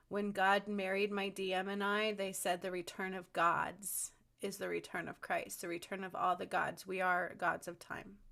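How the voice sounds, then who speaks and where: A woman's voice: mid-range voice, gravelly, fairly bright tone. A woman giving a rambling, fervent spiritual monologue to camera, with frequent ums and restarts. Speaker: spiritual channel host.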